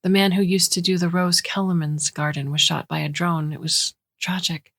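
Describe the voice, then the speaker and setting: A woman reading aloud plays a tired young mother with a dry, sardonic streak. Her voice sits low, and her replies stay mild and deadpan. She sounds worn down but unbothered. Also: moderate pace, no room sound. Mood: flat.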